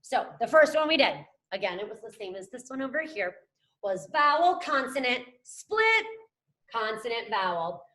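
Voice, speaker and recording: A young woman teacher leads a reading lesson for children, upbeat and encouraging. Her voice sits a little high, sounds bright and clear, and swoops around with a lot of movement. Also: expressive, normal speed. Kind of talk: scripted classroom lesson to camera.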